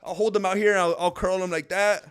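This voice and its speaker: A man hosting a casual livestream, chatting in a rambling, excitable way and calling viewers dude and bro. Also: high voice, quick pace, clear, resonant tone. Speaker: streamer host.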